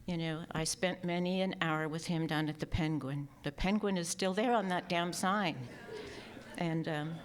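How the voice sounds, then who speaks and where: A low-voiced woman gives a heartfelt remembrance at a memorial. She speaks softly and with emotion, often sinking to a near whisper. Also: steady tone, moderate pace. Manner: soft and emotional, partly whispered. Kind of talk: personal remembrance speech.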